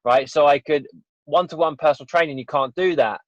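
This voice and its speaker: A man's voice: a little high, a little fast, no echo. Candid man, dull dry recording. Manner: rambling, candid, frequent restarts. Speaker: guest, fitness business owner. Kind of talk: casual podcast interview.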